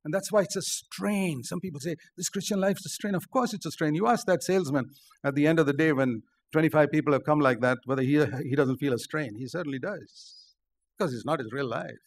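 Gravelly emphatic preacher. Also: male voice, brisk. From India. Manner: emphatic, rises to stressed points then drops low. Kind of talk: sermon.

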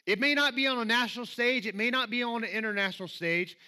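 A man with a Southern accent preaching in a church. His voice sits high and sounds bright. He talks in a relaxed, self-mocking way, then turns emphatic when he reads scripture. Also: quick pace. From Alabama, US. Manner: conversational and self-deprecating, rising to emphatic reading. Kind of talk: sermon. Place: church sanctuary.

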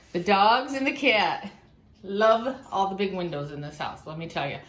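A woman's voice: medium pitch, moderate pace, fairly bright tone. A middle-aged woman chatting casually on camera as she grooms her dog at home, often slipping into a sing-song voice to talk to her pets. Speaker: pet vlogger. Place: home grooming area indoors. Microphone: handheld phone camera.

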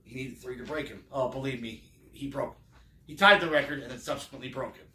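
A man's voice: medium pitch, a little fast, sharp tone, roomy sound, far from the mic. A man recapping a football game in a casual, wry and sarcastic way, rambling with fillers. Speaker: sports fan vlogger.

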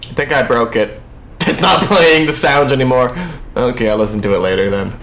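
A man giving excitable, jumpy let's play commentary while playing a horror game, quick to shout and laugh. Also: medium pitch, reverberant, slight background noise.

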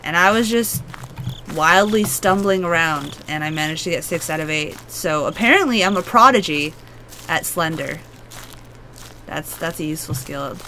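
A woman with a husky, hoarse voice talks her way through a horror game in a casual play-by-play. Her tone is bright and edgy, and she rambles chattily. She keeps poking fun at herself while getting jumpy and nervous. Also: on the low side, expressive, normal speed, slight background noise. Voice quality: husky, smoker-like voice. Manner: chatty, jumpy, self-mocking. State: hoarse from a long cough. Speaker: gaming video host. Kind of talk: casual let's-play commentary.

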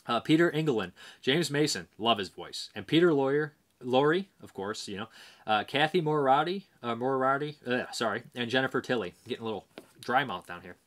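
A man's voice: mid-range voice, animated, brisk, a bit bright. A man hosting a movie review vlog, talking casually and rambling, with plenty of fillers as he reads out viewer answers. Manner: rambling, hesitant, many fillers.

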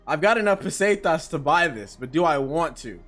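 Man, gaming host, casual let's-play commentary, excitable, slightly high voice. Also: brisk, soft background music. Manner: excitable, swears, reads game text aloud.

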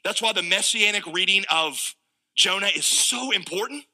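A pastor preaching with lively humor, slipping into the voices of the people in his story. His voice sits high for a man, with a very bright, sharp tone. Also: moderate pace, poor audio. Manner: animated preaching, acting out biblical voices with humor. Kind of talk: sermon.

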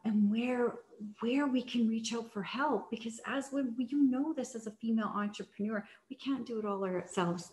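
Chatty woman coach in an echoey room. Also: mid-range voice. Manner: chatty, many fillers and restarts. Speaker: sales coach. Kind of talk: casual teaching talk.

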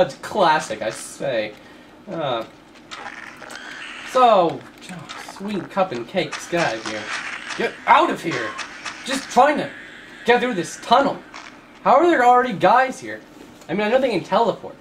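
A man doing profane, mocking commentary over gameplay, swinging into fake excitement and yelling at enemies. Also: high voice, background noise. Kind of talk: sarcastic let's-play commentary.

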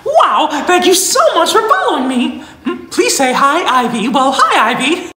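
Mickey Mouse, giggly and squeaky. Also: male voice, huge pitch swings, normal speed, pushed and bright, exaggerated voice. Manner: giggly, folksy, greets viewers by name. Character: cheerful squeaky male cartoon mouse. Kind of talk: live-stream character impression. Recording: roomy room, faint music.

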